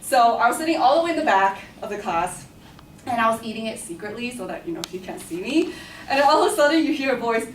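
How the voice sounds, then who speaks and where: A woman's voice: a little high, lively intonation, fast. A young woman telling a personal story to a class in a chatty way, with lots of fillers and giggles. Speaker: student storyteller. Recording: echoey room, far from the mic, faint hum.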